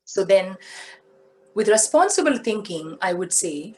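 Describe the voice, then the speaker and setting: A woman giving a motivational spiritual talk, speaking deliberately and asking her listeners questions. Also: medium pitch, big pitch swings, darkish tone, low-quality recording. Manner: slow, deliberate, asks the audience questions.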